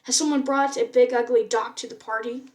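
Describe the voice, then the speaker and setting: A woman's voice: sits high, moderate pace, lightly acted. A woman reading aloud and voicing an arrogant teenage boy, an apprentice warrior, in a sarcastic, mocking tone. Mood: sneering.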